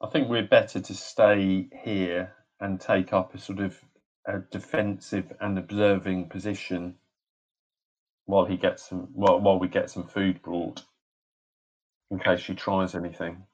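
Player, very deep monotone man, measured delivery. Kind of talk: casual tabletop play.

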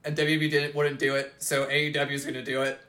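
Excited guy watching wrestling with a buddy, swears a lot, laughs, kinda high voice, echoey room. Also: quick pace. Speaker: co-host watching a wrestling show. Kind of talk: casual chat with swearing and laughter.

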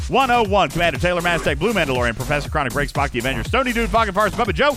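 A man's voice: a little high, sing-song, rapid-fire, music in the background. A man hosting a casual podcast, joking around and rambling, then rattling off long lists of supporter names. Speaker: podcast host. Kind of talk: casual podcast banter and shout-outs.

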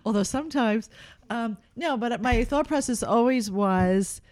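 A woman in her sixties, co-hosting a casual podcast with her daughter from a kitchen table, chatty and quick to laugh, often trailing off mid-sentence. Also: fairly high pitch, darkish tone, no echo. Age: 60s. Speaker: podcast co-host, mother. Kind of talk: casual chat. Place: kitchen table in a city home. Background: construction noise next door.

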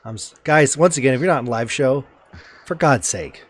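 A man's voice: medium pitch, expressive, moderate pace, husky. A man hosting a podcast in a casual chat, joking and teasing, trailing off and restarting. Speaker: podcast host.

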